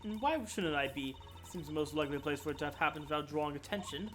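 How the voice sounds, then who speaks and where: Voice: mid-range voice, expressive, fast, slight background noise, close to an everyday voice. A streamer putting on a syrupy, patronizing female warden. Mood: sugary, dismissive. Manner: sugary, patronizing, calls others darling and sweetie. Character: flirty, condescending female prison warden. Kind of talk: reading a video game's dialogue aloud on stream.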